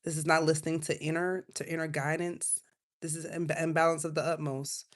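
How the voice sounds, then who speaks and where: A woman giving a casual live tarot reading, chatty and loose, drifting from quiet asides to loud outbursts. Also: sits low, flat delivery, a little fast. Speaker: tarot reader.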